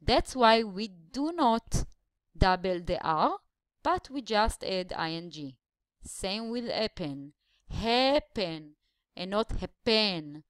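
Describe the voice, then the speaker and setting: A woman's voice: medium pitch, animated, no echo, studio quality. Woman teaching English grammar. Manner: explains slowly, stretching syllables to show stress. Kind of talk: grammar lesson voice-over.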